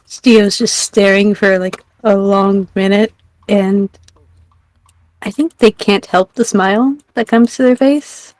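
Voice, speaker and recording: A woman's voice: medium pitch, fairly even intonation, slow, darkish tone, dry recording. A woman player in a tabletop game, casual and wry as she describes her character.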